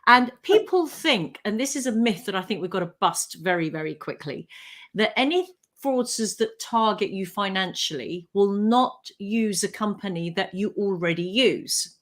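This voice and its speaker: A woman speaks as a radio show's legal expert. She explains things clearly and at a measured pace. Her voice sits at an ordinary pitch for a woman. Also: lively intonation. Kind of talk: radio talk show explanation.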